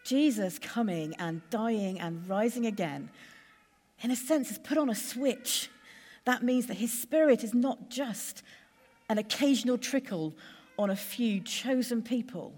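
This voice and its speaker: A woman preacher giving a sermon in a measured, conversational way, building lists with steady pauses. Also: on the high side, in a large hall.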